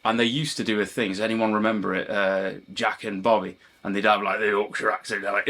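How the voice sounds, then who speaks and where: Speaking briskly with hardly a pause, this man has a lowish, sharp voice that barely moves in pitch. He's a British guitar teacher and channel host whose rambling talk to camera wanders off topic, full of self-deprecation and apologies for going on.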